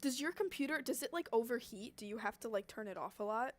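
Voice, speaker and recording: While drawing, a young woman chats casually with her viewers, rambling, laughing often and letting sentences trail off. Her voice is a little high, expressive and quick, and her throat is scratchy from coughing.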